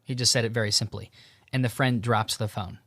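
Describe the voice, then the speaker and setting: A young man hosting a podcast, retelling a story in a relaxed, casual way with lots of fillers and quoted dialogue. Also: mid-range voice, fairly quick, no room sound. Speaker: podcast host. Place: home in Tucson.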